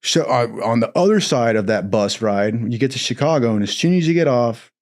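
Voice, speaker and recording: A man's voice: medium pitch, brisk. A young man from Southern California tells a wild story from his own life in loose, casual speech. He swears constantly and throws himself into the quotes, putting on the voices of everyone involved. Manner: profane, animated, acts out quotes in other voices.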